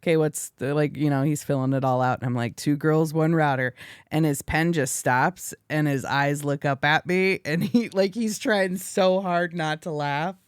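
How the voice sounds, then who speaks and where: A woman's voice: low voice, normal speed, few pauses, clear, resonant tone, dry recording, studio quality. A young woman guest-hosting a podcast, asking questions and telling chatty stories. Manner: chatty storyteller, asks questions. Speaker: guest host, interviewer. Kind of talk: casual podcast interview.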